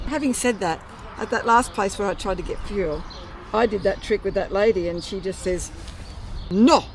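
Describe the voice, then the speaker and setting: A woman's voice: medium pitch, normal speed. An Australian woman vlogging casually to camera from her motorbike, chatty, blunt and wry. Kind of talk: casual chat to camera while riding. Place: on a motorbike on open roads outdoors. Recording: loud road and wind noise on a riding mic.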